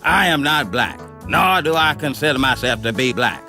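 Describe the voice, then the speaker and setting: A man voicing a bitter, self-hating older cartoon groundskeeper in a gruff, pompous monologue. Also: mid-range voice, sing-song, normal speed, bright, forceful tone, faint music behind. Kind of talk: cartoon voice acting.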